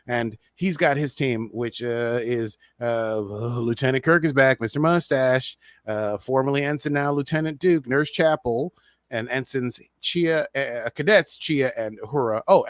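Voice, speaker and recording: A man's voice: medium pitch, a little slow, dry recording. A man hosting a podcast, casually recapping a TV episode in a rambling, chatty way with many fillers. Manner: rambling, chatty, full of "uh" and "so he's like". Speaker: podcast host.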